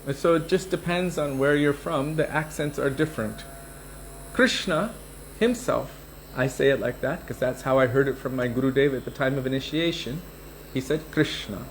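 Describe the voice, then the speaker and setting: A man teaches a scripture class in an unhurried, explaining manner, his voice at an ordinary middle pitch. A faint hiss lies under the recording. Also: steady tone, rough recording.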